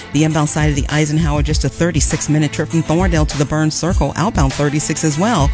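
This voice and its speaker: A woman reading a scripted radio traffic and weather report in a smooth, brisk announcer manner. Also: sits low. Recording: radio broadcast with music underneath. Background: music bed.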